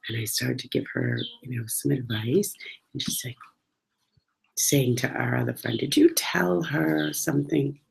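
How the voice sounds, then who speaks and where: A woman chatting casually about her travels, animated and acting out the dialogue as she tells each story. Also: very deep voice, creaky, breathy edge, low-quality recording.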